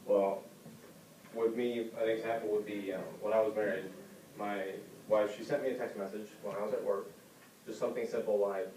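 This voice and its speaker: A man giving an informal speech to his class, talking conversationally and acting out the people he quotes with sudden high-pitched voices. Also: level tone, normal speed, warm tone, slight background noise. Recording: roomy classroom heard from a distant camera.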